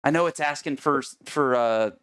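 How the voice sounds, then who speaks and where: A man's voice: mid-range voice, moderate pace, fairly bright tone, smooth, no room sound. A man from Tampa hosting a podcast in a studio, joking around and swearing freely in casual chat. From Tampa, Florida. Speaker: podcast host.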